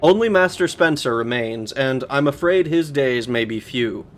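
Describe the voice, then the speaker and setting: A man's voice: medium pitch, lively intonation, moderate pace, a little hiss or hum, close to an everyday voice. A man voicing an aging male butler who looks back on his youth, reading game notes aloud in a mock-formal, wistful put-on voice.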